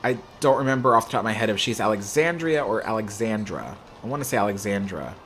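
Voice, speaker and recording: A young man hosts a livestream, answering viewer questions in a casual, rambling chat loaded with "you know" fillers. His voice is on the low side and a bit bright, animated and fast. A little hiss or hum sits in the audio.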